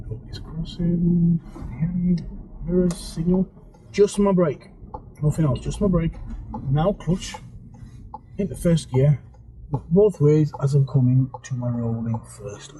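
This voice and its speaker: A male driving instructor with a mixed English accent tinged with Birmingham, giving relaxed, chatty commentary and explaining each step as he drives. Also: on the high side, rough recording. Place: inside a moving car. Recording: car engine and road noise.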